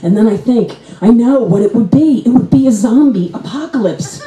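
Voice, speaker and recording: Speaking at a normal pace, a woman performs club stand-up, bringing her stories' characters to life with large shifts in pitch and lively energy. The low-quality recording sounds roomy.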